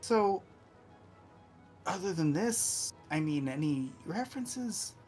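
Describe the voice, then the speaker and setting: A storyteller putting on the voice of a tired woman bank teller, weary and flat. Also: mid-range voice, slow pace, soft background music, voice pushed up.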